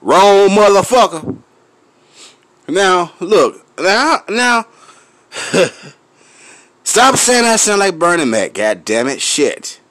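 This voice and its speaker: A man's voice: high-pitched, big pitch swings, takes it slowly, long pauses, no echo. Profane Memphis man ranting. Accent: Memphis Southern US. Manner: loud, profane, laughing between lines; smoking, clears throat often. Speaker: vlogger. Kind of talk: profane rant to camera.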